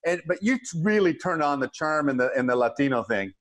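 A middle-aged male host runs a casual interview with enthusiasm and compliments. He slips in jokes, his voice sitting a little high. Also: lively intonation, quick pace.

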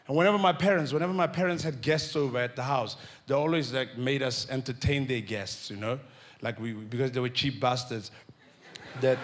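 A man telling childhood stories in an animated stand-up comedy set. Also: mid-range voice. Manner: animated, acts out scenes.

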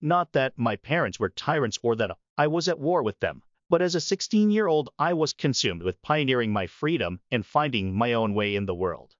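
A man in his forties begins his sermon by reflecting on a personal memory. His pitch moves freely, and the recording is dry and a little muffled. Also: very animated, moderate pace, few pauses, no room sound. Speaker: preacher.

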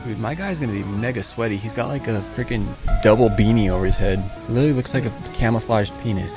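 A man giving crude, excitable commentary while playing a shooter game. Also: on the low side, quick pace, few pauses. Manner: excitable, crude, swears often. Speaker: gaming streamer. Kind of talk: profane gameplay commentary. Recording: loud music behind.

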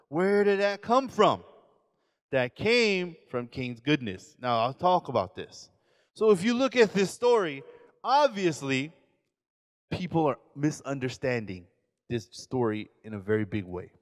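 A man in his forties, a pastor giving a lively sermon lecture, acting out quoted voices and questioning his audience. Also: a little high, in a large hall. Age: 40s.

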